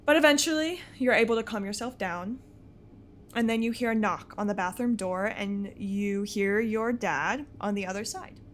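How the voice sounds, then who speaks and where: A woman's voice: mid-range voice, normal speed, slight background noise. A woman narrating a tabletop role-playing game as game master, casual and laughing often.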